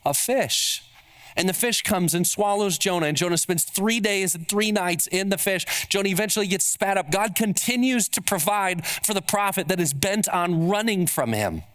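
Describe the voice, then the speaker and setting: A man's voice: high-pitched, lively intonation, normal speed, a bit bright. Emphatic male pastor preaching a sermon. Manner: emphatic, asks the audience questions. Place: church.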